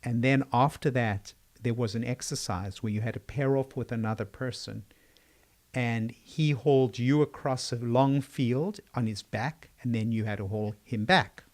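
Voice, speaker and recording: A man's voice: mid-range voice, moderate pace. An older man from South Africa with a South African accent, a psychiatrist answering interview questions in a thoughtful, storytelling way. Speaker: psychiatrist guest.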